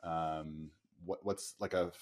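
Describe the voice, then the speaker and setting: A man hosting a podcast interview, reflective and halting as he frames his questions. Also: low-pitched, steady tone. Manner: warm, reflective, hesitant with many ums. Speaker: podcast host. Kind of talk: interview conversation.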